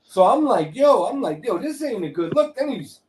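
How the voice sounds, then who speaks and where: A man hosting a casual boxing talk, animated and profane, telling stories with acted quotes. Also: extremely high pitch, moderate pace, a little hiss or hum. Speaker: host.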